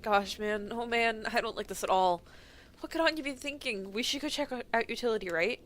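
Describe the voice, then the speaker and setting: A woman voicing a panicky, nervous young crewman who talks in a fretful, rushed way. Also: fairly high pitch, a bit bright, close to an everyday voice.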